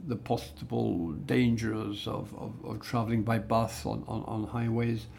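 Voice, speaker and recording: A man's voice: lowish voice, steady tone, measured pace, vocal fry, darkish tone, slight background noise. A man teaching a spoken English exam lesson, explaining in a chatty way with many restarts and fillers. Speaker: English speaking-test teacher.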